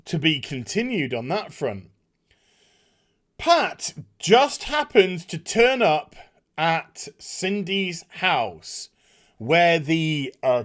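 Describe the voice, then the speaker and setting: Animated man recapping a TV episode. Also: a little high. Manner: animated, acts out characters' lines while recapping. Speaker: TV show reviewer. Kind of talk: casual spoken review.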